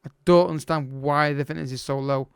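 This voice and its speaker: A man's voice: fairly high pitch, steady tone, fairly quick, creaky, clean tone, dry recording, studio quality. A man commentating his own game as a let's play host, exasperated and urgent, calling out to the players.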